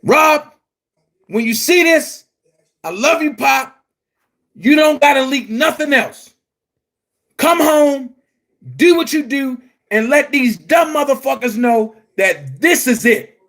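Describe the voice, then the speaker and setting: A man delivering a heated, profane rant to his viewers, shouting at times. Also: very high-pitched, lively intonation, slow pace, pauses often. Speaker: commentary vlogger. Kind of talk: angry rant to camera.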